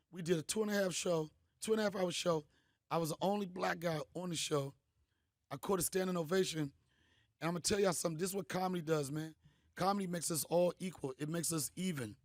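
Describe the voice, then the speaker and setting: A middle-aged man, a comedian host, telling stories in a punchy, animated way. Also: high-pitched, dry recording, clean studio sound. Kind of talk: storytelling monologue.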